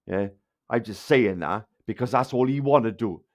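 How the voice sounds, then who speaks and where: At a normal speed and in a lowish voice, a Valleys man from South Wales angrily berates the people watching his livestream, cursing heavily and throwing insults at them.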